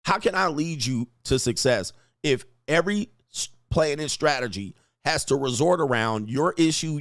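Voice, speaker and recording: Casting: brash, loud male stream host, profane, quick to laugh, dry close mic. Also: on the high side, animated, no echo. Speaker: online talk show host reading chat. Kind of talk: casual live-stream commentary.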